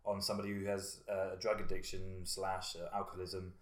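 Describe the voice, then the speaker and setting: A man with a fairly low voice talks casually about a film, rambling and restarting as he works toward his points. He sounds relaxed and conversational. The room has a noticeable echo. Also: a little fast. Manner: rambling, with frequent fillers and restarts. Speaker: podcast co-host. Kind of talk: casual film review chat.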